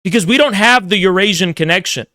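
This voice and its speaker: A man's voice: sits high, fast talker, pushed and bright, no echo, studio quality. A man delivering a provocative, emphatic ranting monologue, repeating phrases for effect. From United States. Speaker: political commentator.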